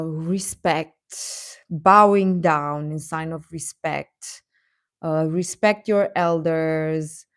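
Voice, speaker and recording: A woman casually chatting on a live stream about K-pop, outspoken and animated, laughing between thoughts, swearing now and then, and answering viewers' comments. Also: fairly low pitch, dry recording, clean studio sound.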